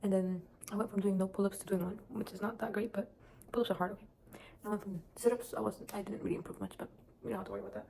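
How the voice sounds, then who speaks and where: A woman's voice: mid-range voice, lively intonation, rapid-fire, few pauses. A teenage girl vlogging casual self-improvement advice, rambling and chatty with lots of restarts. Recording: echoey room with clear background noise.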